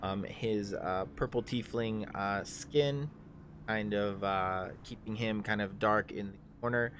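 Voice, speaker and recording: A man narrating as game master in a live tabletop game, loose and halting with lots of fillers. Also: lowish voice, a bit bright, a little hiss or hum.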